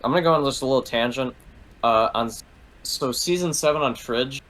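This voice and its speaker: A man's voice: medium pitch, a little fast, fairly bright tone, rough recording. A man as guest in a casual gaming talk, rambling through a story with lots of "like" and free swearing. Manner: rambling, heavy use of "like", swears freely.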